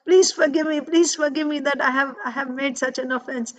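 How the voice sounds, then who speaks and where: A woman's voice: sits high, steady tone, brisk, voice pushed up, lightly acted. A woman voicing an old holy man overcome with devotion, who pleads and repeats his words as he begs forgiveness. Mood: pleading, ecstatic.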